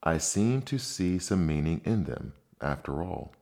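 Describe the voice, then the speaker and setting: A man's voice: rumbling low, sing-song, a little slow, vocal fry, darkish tone, full character voice. Man voicing a fussy pompous old king. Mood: musing. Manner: self-satisfied muttering, mock-reasoning.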